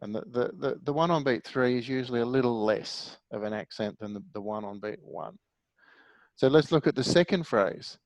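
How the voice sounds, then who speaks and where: A man's voice: medium pitch, moderate pace, no echo, poor audio. Patient male music teacher, middle-aged, dry close mic. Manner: patient, explanatory, asks the class questions. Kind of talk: online music theory lesson.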